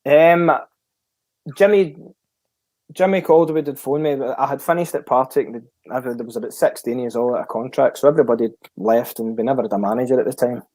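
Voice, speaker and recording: A Scottish man, a former footballer, telling a story in a relaxed chat and acting out the dialogue he retells. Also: medium pitch, brisk, no echo. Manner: lively storyteller who acts out the dialogue he retells. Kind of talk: casual storytelling.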